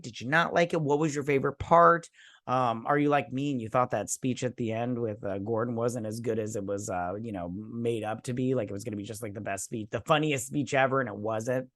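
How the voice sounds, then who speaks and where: Man, casual TV review host, rambling, lots of ums and restarts, mid-pitched, dry close sound. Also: fairly quick, fairly bright tone, dry recording. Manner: acts out characters' lines in mocking voices.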